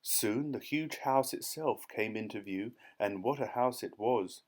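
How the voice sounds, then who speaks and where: A man narrating a children's audiobook in a clear, steady storytelling manner. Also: fairly low pitch, a little slow. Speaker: audiobook reader.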